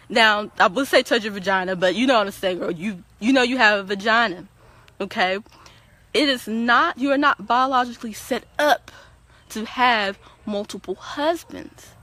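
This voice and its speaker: Her voice sits on the high side and is slightly bright. She's a livestream talk show guest giving casual opinions, preachy and emphatic, talking right to the audience and often repeating the first words of a sentence.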